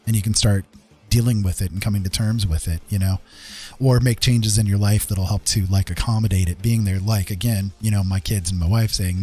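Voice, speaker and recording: A man hosting a casual live-stream chat, earnest and reassuring, talking haltingly with many fillers and restarts. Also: fairly low pitch, dark tone, breathy edge, soft background music. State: getting a little emotional.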